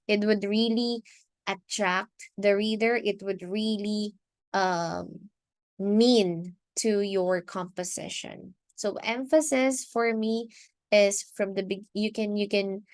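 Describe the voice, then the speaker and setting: A woman teacher with a Filipino accent giving a recorded lesson, speaking in a measured way and often repeating or restarting phrases. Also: medium pitch, no echo. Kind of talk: recorded online lecture.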